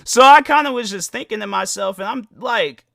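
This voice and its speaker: Young male host, casual storyteller, a bit high-pitched, crisp and sharp tone, close dry mic. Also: moderate pace, no echo. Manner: animated, acts out both sides of the dialogue. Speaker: podcast host.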